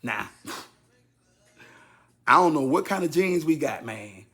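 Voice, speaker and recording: Soft music plays behind a man in his fifties who slowly recounts a personal story to his audience. His casual delivery is animated and full of repetition for effect, and he leaps high and loud when voicing what others said.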